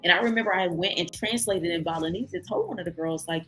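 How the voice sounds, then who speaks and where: A woman's voice: on the low side, quick pace, hardly any pauses, a little hiss or hum. A woman telling a travel story in a casual vlog, acting out other people's voices. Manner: animated, acts out other people's voices in quotes. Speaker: travel vlogger.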